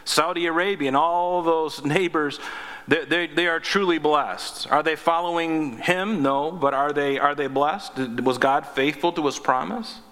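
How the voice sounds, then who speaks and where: A man with a bright, forceful voice preaches a sermon, reading scripture passages and pausing to comment on them. His voice rings out in a hall with long reverb, sitting a little higher than most men's. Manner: reads scripture aloud, breaks in with asides.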